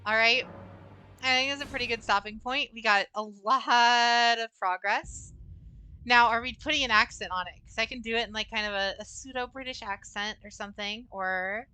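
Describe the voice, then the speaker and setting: A woman's voice: fairly high pitch, normal speed, bright, forceful tone, clear, resonant tone, dry recording. A young adult woman streaming a game, chatting casually with viewers in a rambling way full of fillers. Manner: chatty, rambling, talks to chat with many fillers. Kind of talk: casual gameplay livestream chat.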